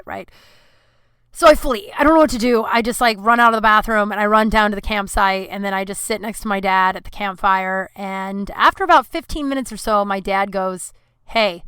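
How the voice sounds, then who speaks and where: A woman's voice: medium pitch, a bit bright, dry recording. A woman hosting her podcast, telling a rambling, profane, self-deprecating story in a casual monologue. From Colorado. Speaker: podcast host.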